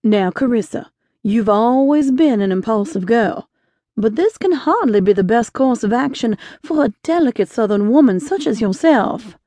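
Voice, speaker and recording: A woman reading an audiobook, voicing a kindly, cautious older male shopkeeper in a gentle, fatherly way. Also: fairly high pitch, animated, normal speed, dry recording.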